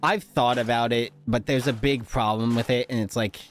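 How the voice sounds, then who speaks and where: A man's voice: medium pitch, fairly even intonation, moderate pace, soft background music. A young man chatting casually on a live stream, rambling and joking, swearing often and laughing a lot.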